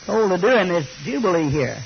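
A man's voice: sits high, very animated, brisk, vocal fry. An older man preaching a sermon, telling folksy, joking stories. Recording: slightly muffled recording with faint hiss.

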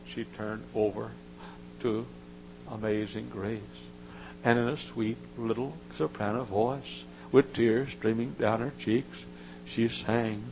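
An older man preaching a sermon, telling folksy stories and climbing into high, emotional quoted voices. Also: fairly even intonation, slow, slight background noise, rough recording.

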